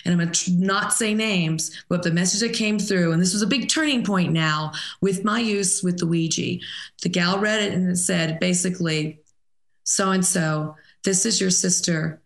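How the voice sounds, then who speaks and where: Animated woman telling a story, echoey. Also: lowish voice. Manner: animated, halting storytelling with restarts. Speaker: guest, medium and therapist. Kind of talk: storytelling in a podcast interview.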